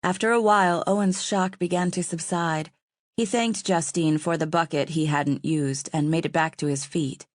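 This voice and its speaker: A woman reads an audiobook in a calm, even way. Her voice sits a little low, and the recording is dry and close. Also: moderate pace, no echo. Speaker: audiobook narrator. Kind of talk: scripted narration.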